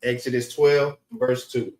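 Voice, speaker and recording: A man teaching a class, relaxed and casual, often saying "all right" between points. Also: mid-range voice, a little slow, reverberant, slight background noise, low-quality recording.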